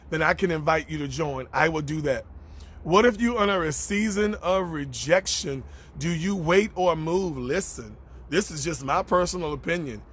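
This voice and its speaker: A man's voice: high-pitched, a bit bright. A man ministering on a live stream, reading out and answering viewer comments in a preacherly way and repeating phrases for emphasis. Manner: greets viewers by name between thoughts.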